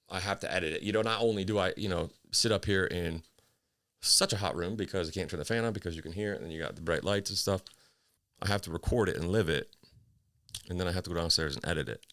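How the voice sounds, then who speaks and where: Speaking from a small home office, this man hosts a casual solo podcast in a low voice with a fairly bright tone and no echo. He's a bit out of breath as he rambles, curses freely and makes himself the butt of his jokes.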